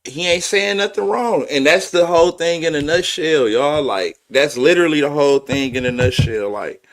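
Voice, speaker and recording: A man's voice: on the high side, normal speed. A man hosting a podcast, commenting casually and emphatically, speaking to his viewers and swearing freely. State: emotional. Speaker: podcast host.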